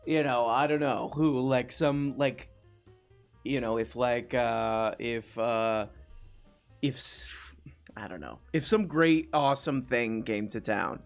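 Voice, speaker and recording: A male host of a live talk show, rambling and joking casually at a middle pitch. He talks loosely and wanders off into asides. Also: slow, creaky, faint music behind. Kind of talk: casual chat.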